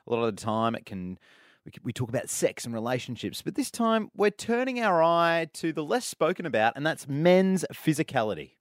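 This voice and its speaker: A man hosting live radio, talking in a relaxed, bantering way. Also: fairly high pitch, a little fast, dry recording, clean studio sound. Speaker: radio host. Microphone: studio mic.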